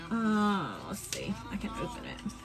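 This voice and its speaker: A woman chatting casually on a live stream, showing off her craft supplies in a drawn-out, enthusiastic way. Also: medium pitch, sing-song, over music, rough recording.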